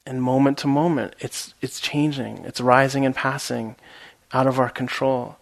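Gravelly man giving a meditation talk. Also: medium pitch, normal speed. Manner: relaxed, rambling, many fillers; laughs at his own story. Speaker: meditation teacher. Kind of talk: dharma talk with storytelling.

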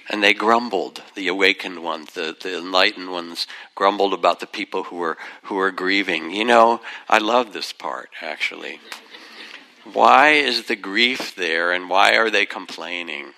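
An older man leads a dharma talk, telling old teaching stories gently and without hurry. His voice sits very low with a gravelly edge. Even so, the tone comes across bright and forward. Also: poor audio. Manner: gentle, unhurried, reflective, softens into asides. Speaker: meditation teacher.

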